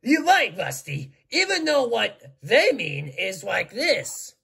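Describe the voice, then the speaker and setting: A man voicing an excited young helper in an amateur storybook act, with a squeaky, gravelly voice. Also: takes it slowly, full character voice. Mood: surprised.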